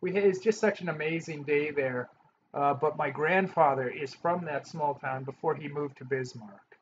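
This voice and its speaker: A man from North Dakota hosts a relaxed question-and-answer chat for his channel, and he talks in an easygoing, self-deprecating way. His voice sits a little high for a man. The audio is muffled and low-fidelity, with faint hiss underneath. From North Dakota, USA. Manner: chatty, self-deprecating, quick to mimic accents. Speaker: vlogger, channel host.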